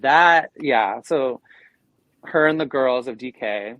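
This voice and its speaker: A man's voice: mid-range voice, slow pace, highs cut off, a crowd in the background. A man co-hosting a podcast, telling stories in casual chat and acting out what people said. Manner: animated, acts out quoted voices. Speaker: podcast co-host.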